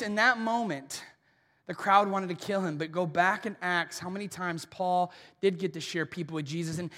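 A male pastor with a high, bright voice delivers a sermon in a church auditorium, his words ringing out with a long hall reverb. He tells the story in an animated way, slipping into the voices he quotes.

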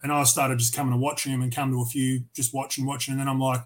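A man's voice: medium pitch, little pitch movement, fast talker, rough recording. An Australian man from Tasmania, a metal vocalist who is a podcast guest, telling rambling, profane stories with many restarts. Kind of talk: casual storytelling interview.

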